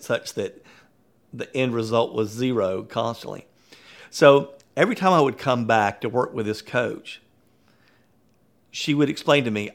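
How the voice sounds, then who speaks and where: Gravelly man telling a story. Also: medium pitch. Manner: animated, conversational, chuckles often. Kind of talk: storytelling talk.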